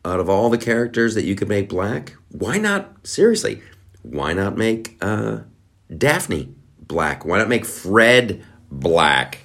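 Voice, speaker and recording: A man's voice: fairly low pitch, sing-song, a little slow, gravelly, a bit bright. A middle-aged man hosting a podcast, talking in a sarcastic, rambling way with many restarts. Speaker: podcast host. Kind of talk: casual monologue.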